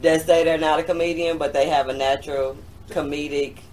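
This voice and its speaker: A man's voice: a little high, level tone, fairly quick. A man interviewing a guest in a loose, chatty way, often asking "you know what I'm saying". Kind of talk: casual interview chat. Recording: distant mic, faint background noise.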